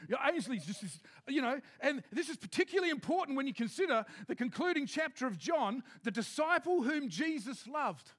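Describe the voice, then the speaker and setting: A man preaching a sermon to his congregation in a lively, joking, conversational way. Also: extremely high pitch, quick pace, hardly any pauses. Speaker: pastor. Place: church hall with a congregation.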